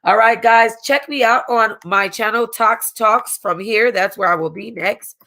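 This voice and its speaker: Tearful woman reviewing reality TV, gravelly. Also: a little high, a little slow, bright, forceful tone. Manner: emotional, tearful, rambling with restarts and slang. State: close to crying. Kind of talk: casual chat.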